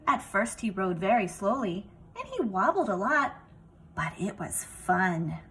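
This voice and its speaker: A woman reading a picture book aloud to children, expressive and talking to them directly. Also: mid-range voice, a little slow, slight background noise, low-quality recording. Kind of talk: children's story read-aloud.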